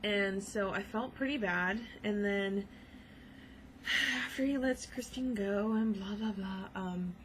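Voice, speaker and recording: A woman's voice: mid-range voice, takes it slowly, background noise. A young woman vlogging in casual chat, rambling and gushing with lots of fillers.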